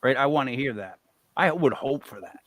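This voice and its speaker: Guy hosting a paranormal-style podcast, swears a lot, pitch jumps all over, dry sound. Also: normal speed, dry recording. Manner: animated, swears freely. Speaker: podcast host. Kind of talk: casual chat.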